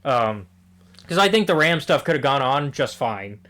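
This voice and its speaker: A man co-hosting a casual podcast about comics, animated and quick to laugh, often acting out the characters' lines and swearing casually. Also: mid-range voice. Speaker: podcast co-host.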